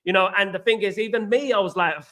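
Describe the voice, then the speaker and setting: Cockney geezer from east london doing a live footy reaction, high voice, greeting everyone in chat. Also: male voice, fast. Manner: excitable, repeats stock phrases, greets viewers by name. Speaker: host of a football reaction livestream. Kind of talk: live reaction chat reading viewer comments.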